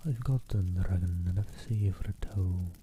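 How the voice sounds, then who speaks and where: A man voicing a steady, polite village blacksmith in a whispered role-play. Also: sits low, a little slow, slight background noise. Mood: calm.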